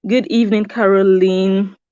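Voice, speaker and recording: A woman's voice: medium pitch, fairly even intonation, normal speed, a little mellow, clear, resonant tone, no room sound, highs cut off. A woman hosting a live stream from a room upstairs at home, chatting casually and greeting her viewers by name. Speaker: YouTube host.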